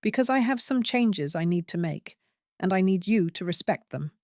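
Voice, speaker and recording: A woman's voice: medium pitch, lively intonation, moderate pace, darkish tone, dry recording, studio quality, lightly acted. Woman voicing a hurt, firm older mother. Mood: confronting. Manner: pointed, firm questioning.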